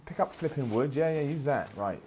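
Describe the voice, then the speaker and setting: A man's voice: fairly high pitch, lively intonation, brisk, background noise. A man giving self-deprecating, sweary commentary while playing a video game. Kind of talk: gameplay commentary.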